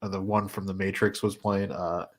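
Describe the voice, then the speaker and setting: Low-voiced laughing podcast man. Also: level tone, normal speed. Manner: laughs often, searches for names. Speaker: podcast panelist. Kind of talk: casual chat.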